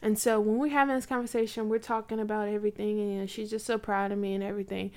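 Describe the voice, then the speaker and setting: A woman's voice: mid-range voice, flat delivery, rapid-fire, a little mellow. A woman in her twenties casually telling a personal faith story, chatty, with lots of likes and you knows. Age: 20s.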